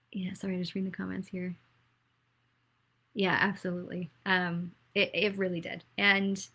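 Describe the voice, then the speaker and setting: Bright-voiced chatty Minnesotan woman. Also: lowish voice. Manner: chatty, reads viewer comments aloud, many fillers. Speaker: political candidate hosting a livestreamed town hall. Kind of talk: casual livestream talk.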